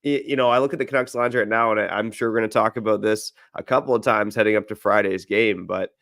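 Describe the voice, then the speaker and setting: A man hosting a sports podcast in a relaxed, chatty way. His voice sits low with a gravelly edge. The sound is dry and close to the mic. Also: fast talker, no echo. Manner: easygoing, reads ad copy, filler-heavy. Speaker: podcast host. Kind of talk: casual sports podcast chat.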